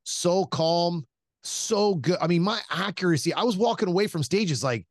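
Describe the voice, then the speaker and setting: A man hosting a casual chat, telling stories in an animated, self-mocking way, swearing freely and laughing often as he talks. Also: high voice, moderate pace, no room sound, clean studio sound. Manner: laughs often while talking. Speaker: podcast host.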